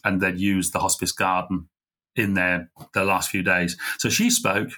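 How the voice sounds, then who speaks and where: A middle-aged man, a podcast guest, telling a heartfelt story in an earnest, halting way. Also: deep voice, level tone, bright, forceful tone. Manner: earnest, halting, full of fillers and restarts. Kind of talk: conversational storytelling.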